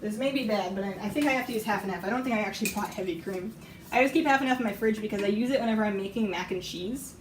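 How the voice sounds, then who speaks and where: A woman with a hoarse, fading voice chats casually and rambles while she bakes on a live stream, often laughing. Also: medium pitch, racing, slight background noise. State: hoarse, losing her voice. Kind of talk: casual chat while cooking. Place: home kitchen. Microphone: iPad microphone. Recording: roomy lo-fi tablet audio from a distance.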